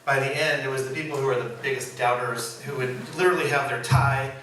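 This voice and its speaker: A man telling puppet stories in an animated, informal way, laughing easily and acting out the lines as he goes. His voice sits in the middle range and rings around a very echoey room, picked up from a distance over steady noise. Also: medium pitch, quick pace. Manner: animated, laughs often, acts out quotes. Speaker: puppeteer giving a presentation. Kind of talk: informal storytelling talk. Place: presentation room. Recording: echoey room, mic far, background noise.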